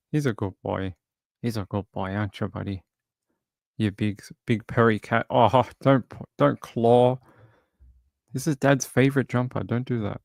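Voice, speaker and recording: An Australian man with a fairly low voice chats in a rambling, easygoing way on a livestream. He coos gently at his cat between thoughts. The sound is close and dry. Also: steady tone, normal speed, vocal fry, no echo. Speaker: true crime streamer. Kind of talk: casual chat during a livestream. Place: home, indoors. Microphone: desk microphone.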